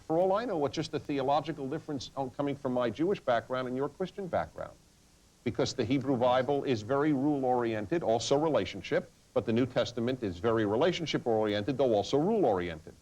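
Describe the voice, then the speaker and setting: A man's voice: medium pitch, expressive, brisk, darkish tone, rough recording. Earnest talk radio host, a man. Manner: earnest, frequent stammered restarts.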